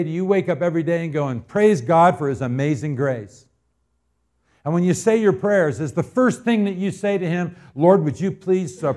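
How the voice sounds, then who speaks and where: A man from Arizona preaching in a church, his voice sitting a little high for a man. He moves from homespun storytelling into loud, emphatic appeals to the congregation. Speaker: pastor. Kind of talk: sermon.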